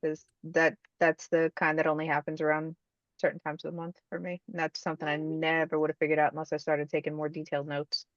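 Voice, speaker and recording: A woman's voice: deep voice, completely flat delivery, fast talker, no room sound. Woman co-host, thoughtful, slightly lo-fi muffled mic, dry. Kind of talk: casual podcast chat.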